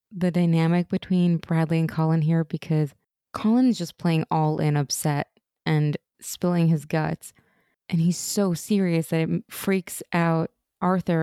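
Her voice deep, clear, and resonant, a woman co-hosting a casual TV recap podcast brings scenes to life, acting out what the characters said and laughing a lot. The sound is studio quality with no room sound at all.

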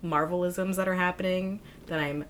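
Gushing excitable woman, lowish voice. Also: moderate pace, a little hiss or hum. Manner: gushing, excitable, many fillers. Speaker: podcast co-host. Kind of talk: casual fan chat.

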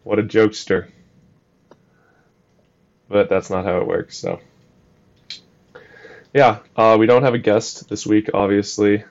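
A young man co-hosting a casual podcast chat, speaking in an even, flat tone that hides his jokes. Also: fairly low pitch, unhurried, gravelly, long pauses, dull audio. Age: young adult. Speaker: podcast co-host.

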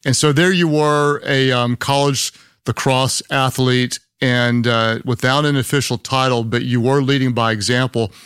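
A man with a Southern US accent hosting an interview, friendly and affirming with quick asides. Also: mid-range voice, steady tone, fairly bright tone, clear, resonant tone, no echo, studio quality. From Oklahoma. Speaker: podcast host. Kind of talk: conversational interview.

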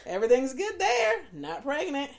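Animated laughing woman podcast host. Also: high-pitched, normal speed, vocal fry. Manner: candid, laughing, animated storyteller. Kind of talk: casual chat.

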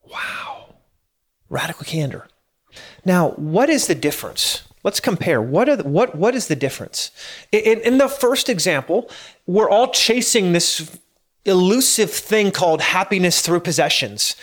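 Man, thirties, slightly high voice, earnest, casual motivational talk, repeats words when excited. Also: normal speed. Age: 30s. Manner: laughs at himself now and then.

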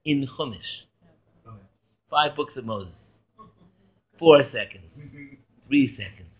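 A man, a rabbi, teaching a Torah class in a lively way, quizzing and joking with his students. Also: medium pitch, takes it slowly, breathy edge, highs cut off.

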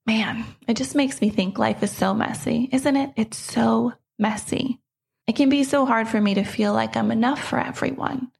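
Gravelly-voiced woman podcast host. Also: a little high, darkish tone. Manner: earnest, reflective storytelling. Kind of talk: personal storytelling monologue.

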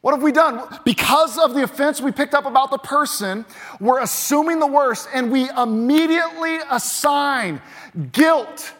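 A higher-pitched man preaches from the pulpit, leaning hard into key words and then dropping to a hush. His voice rings out through the long reverb of a large church hall. Each point lands with insistent emphasis. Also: normal speed. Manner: emphatic, swings between loud punches and quiet drops. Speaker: pastor. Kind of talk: sermon.

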